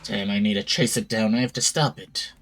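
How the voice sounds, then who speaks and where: A man's voice: fairly low pitch, brisk, a bit bright, low-quality recording. Man reading a visual novel aloud. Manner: startled, reacting as he reads. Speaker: streamer.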